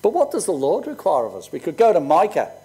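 A man's voice: a little high, wildly swooping pitch, fast, mellow, husky. A man in his sixties, a pastor preaching conversationally and telling personal stories. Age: 60s.

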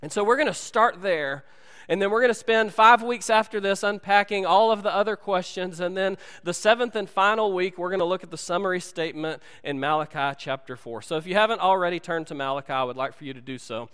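A man preaching a sermon, telling stories in an animated way and acting out movie lines for his congregation. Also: sits high, fairly quick, clear, resonant tone, long reverb tail. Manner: animated storytelling, acts out movie dialogue. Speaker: pastor. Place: church sanctuary.

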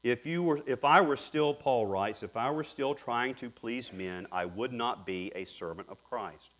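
A man preaching a sermon earnestly, dropping to hushed tones and rising to emphatic peaks. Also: medium pitch, measured pace. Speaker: pastor.

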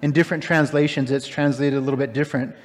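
A man preaching a sermon, retelling a parable with animated, emphatic, incredulous asides. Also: mid-range voice, fast. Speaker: pastor. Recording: long hall reverb.

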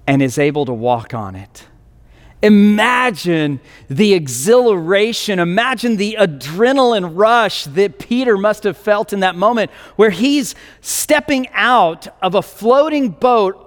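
A man's voice: high voice, long reverb tail. A male pastor telling a scripture story in a sermon, with many restarts and fillers.

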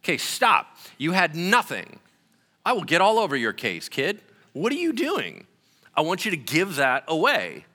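A man's voice: on the high side, huge pitch swings, normal speed, sharp tone, big-room sound, pitched above the performer's own voice, exaggerated voice. A man voicing God as a stern father scolding a stingy child, exasperated, within a sermon.

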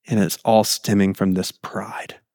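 A man preaching a sermon in an animated way, acting out the quotes in his text and laughing easily. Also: lowish voice, a little slow, gravelly, no room sound, clean studio sound. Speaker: pastor.

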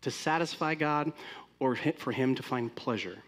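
A man's voice: mid-range voice, lively intonation, normal speed, fairly bright tone. A man preaching a sermon as pastor, speaking conversationally and putting many rhetorical questions to the congregation.

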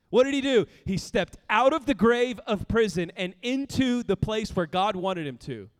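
A male pastor preaching a sermon, telling stories with laughter and sudden bursts of shouting, in a long-echoing hall. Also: high-pitched, animated, normal speed, few pauses, clean tone.

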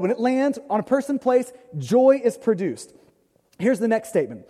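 A man preaching a sermon as pastor, earnest, repeating key phrases and slowing down to quote scripture. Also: very high-pitched, dark tone, big-room sound.

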